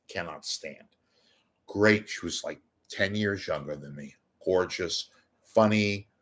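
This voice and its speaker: Give me an older man host chatting loosely, full of self-deprecating asides, in a low-ish voice. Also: fairly bright tone. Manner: rambling, self-deprecating joking. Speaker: livestream host. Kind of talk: casual chat.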